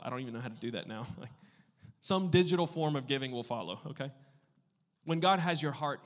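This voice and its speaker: A man preaches in a church sanctuary, his mid-range voice trailing off into the long reverb of a large hall. He talks like a conversational pastor, tossing in playful asides, then dropping into hushed, earnest tones before building back to loud emphasis. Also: medium pitch. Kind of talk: sermon.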